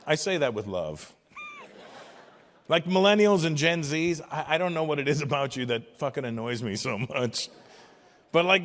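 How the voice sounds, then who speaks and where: A man in his fifties doing a stand-up routine with crowd work, profane and mocking, acting out other people's voices. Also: mid-range voice. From Canada. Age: 50s. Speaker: stand-up comedian. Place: live venue with audience. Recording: long hall reverb from stage.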